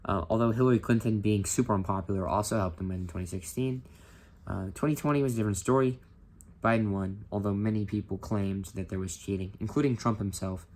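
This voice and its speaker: A man's voice: lowish voice, fast talker, darkish tone. A man casually explaining history as a vlogger, informal and opinionated, with many filler ums.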